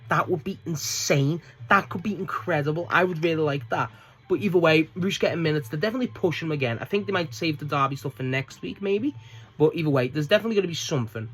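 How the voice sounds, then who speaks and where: A young man giving a casual, rambling spoken review of a wrestling show, excitable and swearing often. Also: a little high.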